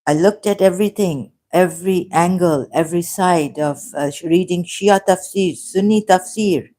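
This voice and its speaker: A woman's voice: on the low side, dark tone. A woman hosting a livestream who talks off the cuff, often stopping, correcting herself and laughing. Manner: halting, self-correcting, with frequent laughs. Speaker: livestream host. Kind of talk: unscripted livestream commentary.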